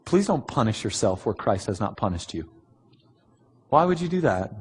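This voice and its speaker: Low husky pastor guy, blunt and earnest, big echoey church. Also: sing-song, a little mellow. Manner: earnest and blunt, many "um" pauses. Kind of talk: sermon answering written questions. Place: large church hall. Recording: long hall reverb.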